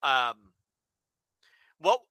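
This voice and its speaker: Bright-voiced, blunt man in casual chat. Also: very slow, no echo, clean studio sound. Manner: blunt, sarcastic. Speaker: podcast co-host.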